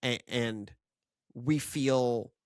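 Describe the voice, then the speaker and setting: Co-host, animated scripture chat, lots of fillers and restarts, dry close mic, mid pitch. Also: extremely slow, no echo. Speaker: podcast co-host. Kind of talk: casual Bible discussion.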